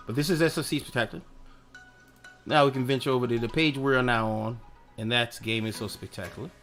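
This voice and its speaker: A man's voice: mid-range voice, brisk, a bit bright, faint music behind. A man hosting his own live stream in loose, rambling casual chat, swearing offhandedly and talking to himself as he clicks around.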